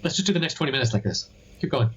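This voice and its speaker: A man's voice: medium pitch, animated, rapid-fire, fairly bright tone, husky, highs cut off. A man co-hosting a podcast in casual chat, throwing in short dry quips. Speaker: podcast co-host.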